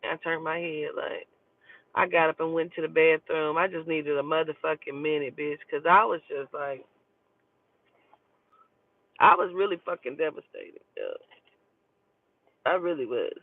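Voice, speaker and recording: A woman telling a personal story in a casual, profane and animated way. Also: sits low, moderate pace, pauses often, no echo. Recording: tinny phone-like dry recording.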